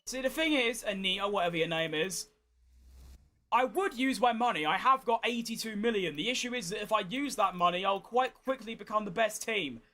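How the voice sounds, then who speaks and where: Hoarse man talking over a game. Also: high-pitched, expressive, a little fast, sharp tone. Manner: chatty, exasperated, swears freely. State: hoarse, tired. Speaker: gaming streamer. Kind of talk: casual gameplay commentary.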